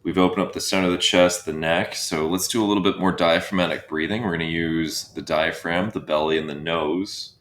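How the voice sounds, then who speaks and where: Deep-voiced man coaching breathwork. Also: fairly quick, hardly any pauses, slight background noise. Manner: calm, coaching cues with counted breaths. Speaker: breathwork instructor. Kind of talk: guided breathwork session. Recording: roomy echo.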